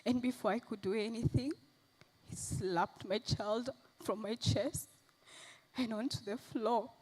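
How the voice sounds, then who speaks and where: A woman's voice: on the high side, fairly even intonation, darkish tone, breathy edge, low-quality recording. A woman playing a shaken abused mother. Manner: halting, shaken storytelling. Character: abused young mother recounting her trauma. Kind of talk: stage play monologue. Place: festival stage.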